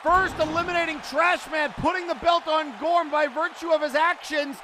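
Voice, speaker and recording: A man calling a wrestling match play by play, often breaking into excited shouts. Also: very high-pitched, normal speed. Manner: excitable, shouting during big moments. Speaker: wrestling commentator. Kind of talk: play-by-play commentary. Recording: crowd and loud background noise.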